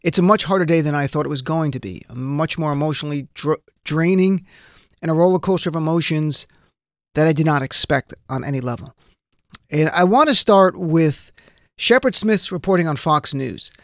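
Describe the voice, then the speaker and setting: A man hosting talk radio, his voice sitting a little high for a man. He talks in an earnest, subdued and emotional way. The studio sound is dry and close. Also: moderate pace, no echo. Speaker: radio talk show host. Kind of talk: live radio monologue. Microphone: studio microphone.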